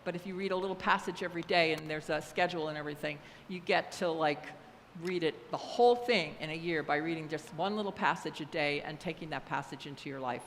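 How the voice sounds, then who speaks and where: A woman's voice: sits low, fast, slight background noise. An older woman who serves as a church leader, giving casual, rambling announcements full of fillers. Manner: chatty, rambling, many fillers. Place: church hall. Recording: echoey hall, faint ambience.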